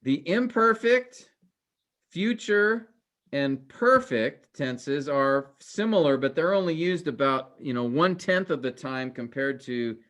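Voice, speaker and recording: A man teaching a class, halting with many fillers and restarts, his voice trailing off quieter at the ends of phrases. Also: mid-range voice, animated. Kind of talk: classroom lecture.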